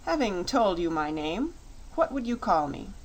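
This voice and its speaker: A woman's voice: medium pitch, unhurried, low-quality recording. Storybook fox king, vain and pompous, fond of lecturing, read by a woman. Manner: flattering, self-satisfied, lecturing.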